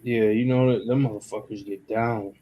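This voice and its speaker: A man in casual chat about remote-control cars, swearing freely and reacting quickly. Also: on the low side, steady tone, mellow.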